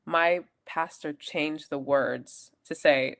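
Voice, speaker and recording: Young female podcast co-host with a low, casual voice, rambling storyteller. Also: normal speed. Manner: rambling storytelling with self-corrections and laughs. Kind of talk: casual chat.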